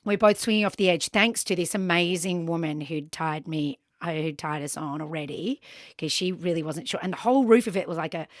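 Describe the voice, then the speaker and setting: An Australian woman co-hosting a podcast, telling a story in an animated way with lots of ums and acted-out voices. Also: fairly low pitch, brisk, no echo, studio quality. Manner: animated, acts out the people in her story, frequent ums. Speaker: podcast co-host. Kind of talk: casual storytelling chat.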